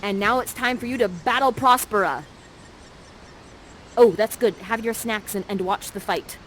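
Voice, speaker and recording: A woman's voice: medium pitch, normal speed, slight background noise. A woman narrating an interactive live stage show in a bubbly, playful manner while directing the audience.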